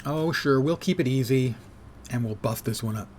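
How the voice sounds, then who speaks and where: A man's voice: mid-range voice, moderate pace, darkish tone, slight background noise. A man in his sixties streaming a game and chatting casually, with dry, self-mocking asides. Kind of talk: casual live gameplay chat.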